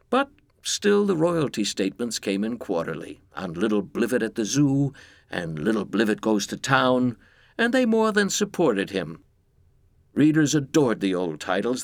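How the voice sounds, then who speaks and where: A man reading a comic story aloud in scripted narration with a deadpan, expressive delivery. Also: medium pitch, no echo.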